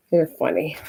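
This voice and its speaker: A woman hosting her crafting channel, chatting casually and teasing while she works on journal pages. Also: darkish tone. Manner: chatty, teasing, laughs easily.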